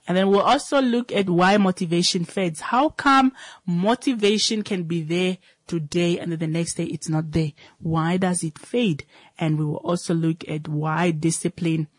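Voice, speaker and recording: A talk show host giving a slow, reflective motivational talk, short of breath with a dry cough, asking and answering its own questions. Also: medium pitch, no echo.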